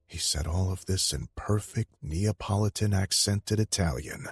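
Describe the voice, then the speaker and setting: A man narrating an audiobook in the first person, measured and steady, on a close studio mic. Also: low-pitched, slightly rough, no echo.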